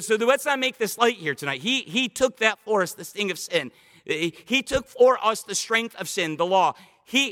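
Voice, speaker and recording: Man, pastor, sermon, high voice, animated, emphatic scripture reading. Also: long reverb tail. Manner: animated preaching with slowed emphatic scripture quotes.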